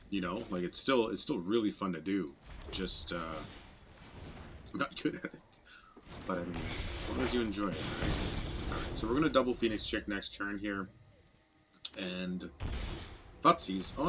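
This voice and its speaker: A man streaming a digital card game, giving casual, self-deprecating commentary as he thinks his plays through out loud. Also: deep voice, expressive, normal speed, pauses often, slight background noise.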